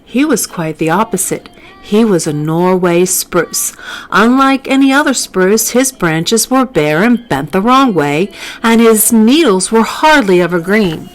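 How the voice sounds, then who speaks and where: A woman's voice: mid-range voice, lively intonation, a little slow, soft background music, poor audio. A woman author reading her children's book aloud, with chatty asides. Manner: chatty asides, laughs often.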